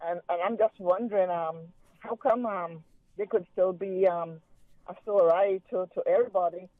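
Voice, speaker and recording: A man calling in to a radio show, his voice pitched high. He rambles in a relaxed way with plenty of fillers. The sound is dry and comes through a tinny phone line. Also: normal speed, dry recording. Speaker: caller. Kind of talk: casual phone-in chat. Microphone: telephone.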